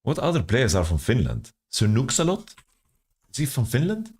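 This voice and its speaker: A man's voice: medium pitch, wildly swooping pitch, moderate pace, a little mellow, breathy edge. A man streaming, thinking aloud as he guesses team rosters from player nationalities, often repeating words. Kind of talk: casual stream commentary.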